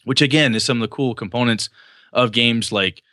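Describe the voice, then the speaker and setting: Bright animated male game master. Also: mid-range voice, moderate pace, no echo, studio quality. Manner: animated, swearing, laughing, acts out game scenes. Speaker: podcast host and game master. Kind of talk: casual chat about running tabletop games.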